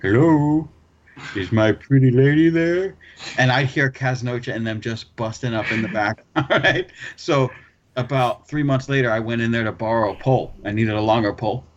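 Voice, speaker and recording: A man's voice: mid-range voice, a little fast, a little hiss or hum. Rambling, swearing man on a lo-fi podcast. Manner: rambling storyteller, swears a lot, laughs mid-sentence. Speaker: podcast co-host. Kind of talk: casual chat.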